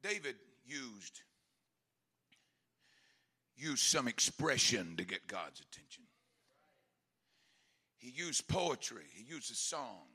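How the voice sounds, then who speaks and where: A man preaching a Pentecostal sermon, moving from quiet, halting talk to shouted, impassioned calls. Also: medium pitch, sing-song, slightly rough. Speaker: pastor.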